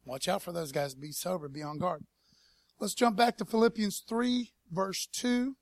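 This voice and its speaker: A pastor preaching a casual sermon at a church service, in a laid-back, slangy way and calling on the congregation to respond. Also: male voice, sits high, steady tone, normal speed, no room sound. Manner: laid-back slangy preaching, peppered with "man" and "you know what I mean"; calls for audience response.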